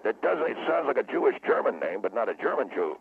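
A man's voice: fairly low pitch, very animated, quick pace, slight background noise. A man voicing a blustering radio guest who gets wound up, insults people and rants. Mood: lecturing. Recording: phone line.

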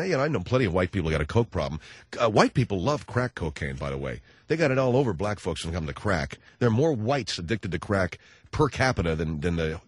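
Sarcastic radio host guy riffing on air, bouncy up and down pitch, dry close studio mic. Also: husky, dry recording. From United States. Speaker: radio talk show host. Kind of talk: comedic talk radio monologue.

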